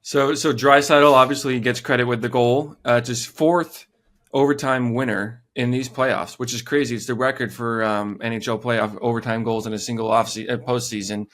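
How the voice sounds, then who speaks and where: A man co-hosting a hockey podcast talks through playoff goaltending in a measured, conversational tone. His voice sits at an ordinary middle pitch. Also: steady tone, a bit bright. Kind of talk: casual sports chat.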